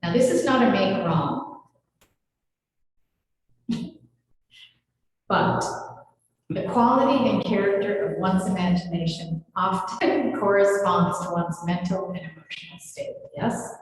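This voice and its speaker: Slow-talking woman minister in echoey hall. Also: mid-range voice. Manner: chatty and playful, often laughing, addressing the congregation directly. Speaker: senior minister. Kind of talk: conversational sermon. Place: large hall of a spiritual center. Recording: echoey hall with long reverb.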